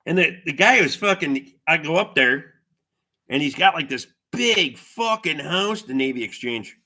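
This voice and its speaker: Slightly high and animated, this middle-aged livestream host talks a bit slowly with a bright, forceful tone. His casual chat wanders through profane stories, and he reads viewer comments out loud.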